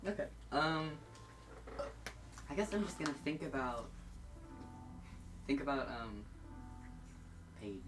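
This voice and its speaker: Player, man, quiet hesitant delivery, music clearly under voice. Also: medium pitch, sing-song, slow pace, long pauses. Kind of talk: casual tabletop role-play chat.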